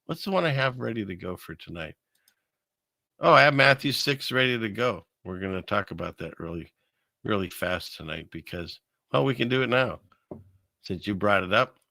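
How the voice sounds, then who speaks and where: Gravelly bright-toned man, rambling livestream talk. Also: lowish voice, animated, normal speed, no echo. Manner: rambling, conversational, reads verses aloud. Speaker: live stream host. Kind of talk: casual livestream commentary on scripture and conspiracies.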